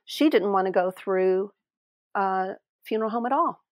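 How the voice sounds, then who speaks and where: A middle-aged woman telling a personal story as an interview guest, heartfelt and halting, often restarting her sentences. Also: mid-range voice, no echo, studio quality. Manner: halting, heartfelt, many restarts and trailing phrases. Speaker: interview guest, end-of-life caregiver.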